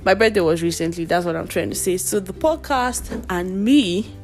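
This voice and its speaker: Chatty woman hosting a solo podcast, low voice. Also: animated, moderate pace, soft background music. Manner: chatty and playful, addresses listeners directly. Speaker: podcast host. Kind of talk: casual solo podcast chat.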